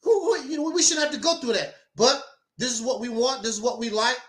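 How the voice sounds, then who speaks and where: Male host, very high and bright, emphatic preachy monologue with mocking asides, echoey room. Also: lively intonation, fairly quick. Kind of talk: opinionated talk show monologue.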